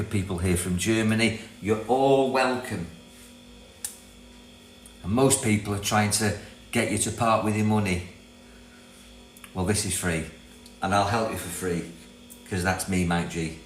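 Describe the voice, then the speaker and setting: An older man from Britain talks on a casual livestream in a rambling, friendly way, often laughing as he reads comments aloud. His voice sits low. The recording is roomy and echoey, with a faint mains hum behind it. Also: a bit bright. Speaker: livestream host, self-help coach. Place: property in Thailand.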